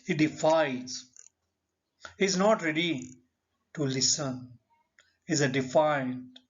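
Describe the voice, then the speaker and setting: A man with an Indian English accent teaching a literature lesson, speaking slowly and deliberately and asking rhetorical questions. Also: on the high side. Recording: dull lo-fi recording.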